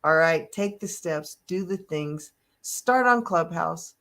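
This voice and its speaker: Animated older woman hosting a motivational talk. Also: on the low side, slow. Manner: animated, emotional storytelling with frequent laughs. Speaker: host.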